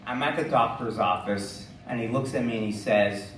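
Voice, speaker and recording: A man's voice: medium pitch, moderate pace, fairly bright tone, a little hiss or hum. Man, 40s, live storyteller: chatty, laughing, heavy on fillers. Distant mic, faint room ambience. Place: live stage before an audience. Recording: roomy distant live-stage recording.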